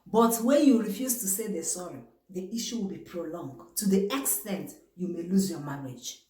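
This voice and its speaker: A woman's voice: lowish voice, lively intonation, normal speed, warm tone, echoey room, rough recording. A woman with a Nigerian English accent giving marriage advice to camera in an emphatic, preachy way, asking herself rhetorical questions.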